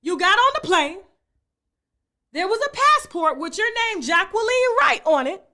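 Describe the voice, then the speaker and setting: A woman giving an animated commentary monologue as a gossip vlogger, emphatic and repetitive. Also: very high voice, unhurried. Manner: emphatic, repeats "okay?" and "you understand?".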